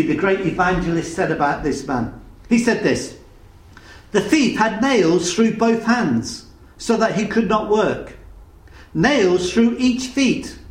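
A man delivers a sermon with earnest emphasis, often turning to his listeners with pointed questions. His voice sits fairly high. The sound carries the echo of a large room. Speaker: preacher.

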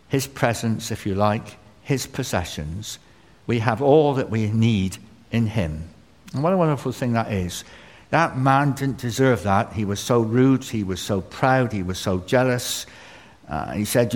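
A man preaching a sermon in an earnest way, often pausing with fillers and restarting phrases. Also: mid-range voice, animated. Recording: long hall reverb.

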